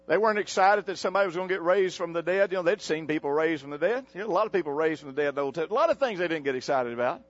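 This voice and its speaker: High-voiced man preaching a lively sermon. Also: racing, hardly any pauses, dull audio. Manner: preaching with call-and-response to the congregation; folksy, animated, with sudden pitch jumps. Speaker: pastor.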